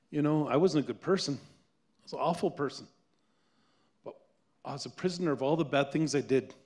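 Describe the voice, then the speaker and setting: A man's voice: on the high side, darkish tone. A Canadian man talking earnestly at a public event, often repeating words as he reflects. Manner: earnest, repeats words while searching for them. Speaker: author and guest speaker.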